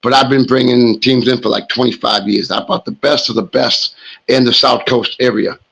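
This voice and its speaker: Middle-aged New man, hoarse and gravelly, rambling sports host monologue. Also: mid-range voice, fairly even intonation, normal speed, a bit bright, low-quality recording. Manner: rambling storyteller, talks smack. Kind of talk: casual monologue.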